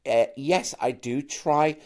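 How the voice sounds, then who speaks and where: A middle-aged man from Manchester, a camp and animated actor and singer who often stammers into his sentences while chatting as an interview guest. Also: mid-range voice, takes it slowly. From Manchester, England. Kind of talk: casual interview chat.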